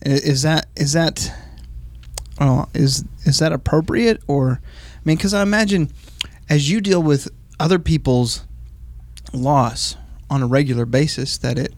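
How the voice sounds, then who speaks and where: A man's voice: mid-range voice, a little mellow, dry recording. A man co-hosting a discussion podcast, asking questions hesitantly with many restarts. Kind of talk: casual discussion.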